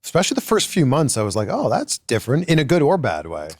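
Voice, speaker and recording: A man's voice: medium pitch, huge pitch swings, very fast, no echo, studio quality. A man hosting an interview podcast, asking friendly, curious questions. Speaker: podcast host. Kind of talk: casual interview.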